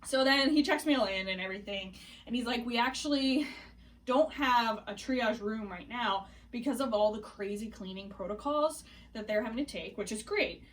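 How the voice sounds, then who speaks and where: A young pregnant woman telling a story in a casual vlog, chatty and animated, laughing often and hiccuping now and then. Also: fairly high pitch, normal speed, distant mic. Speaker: vlogger.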